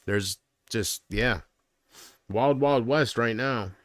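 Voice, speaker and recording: Man, livestream host, casual rambling, jokey, average pitch, dry close mic. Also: slow pace, a bit bright, dry recording. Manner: rambling, joking, laughs at his own jokes.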